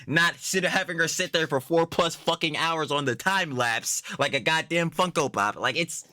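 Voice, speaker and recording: A man's voice: a little high, normal speed, few pauses, no room sound, clean studio sound. A man hosting a reaction channel, mocking and swearing freely as he rants through casual commentary. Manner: blunt, mocking, swears constantly, rants loudly.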